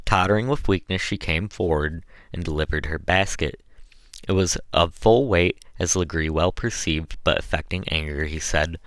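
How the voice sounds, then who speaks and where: Male audiobook narrator, deep, measured, dry close recording. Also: a bit bright, dry recording.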